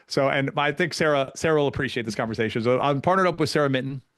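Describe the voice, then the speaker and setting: Fast-talking man coach. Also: medium pitch, dry recording, studio quality. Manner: fast, animated storytelling with many restarts. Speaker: pickleball coach and guest. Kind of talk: casual podcast conversation.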